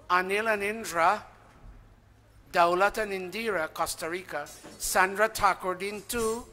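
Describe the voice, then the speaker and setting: A man's voice: high voice, pushed and bright. A man reading out donor names to a temple gathering in a chatty way, stopping to ask the audience and admitting when he forgets names. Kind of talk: informal announcements to a congregation. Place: temple hall. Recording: reverberant hall.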